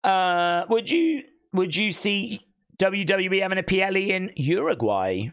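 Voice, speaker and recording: A man's voice: sits high, big pitch swings, measured pace, a bit bright, smooth. A man hosting a live wrestling watch-along, rambling and hesitant as he answers chat questions. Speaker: live stream host. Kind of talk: casual watch-along commentary.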